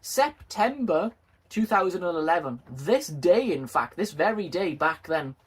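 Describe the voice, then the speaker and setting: A man's voice: high-pitched, animated, a little slow, husky. A man chatting casually and jokingly to his video viewers, self-deprecating and friendly. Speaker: model railway YouTuber.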